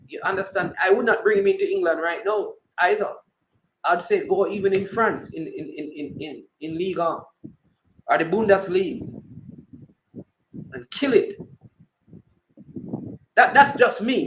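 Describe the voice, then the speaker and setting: A man's voice: fairly high pitch, a bit bright, roomy sound, slight background noise, poor audio. A man with a Jamaican accent hosting a casual sports talk show, teasing and bantering and slipping into patois.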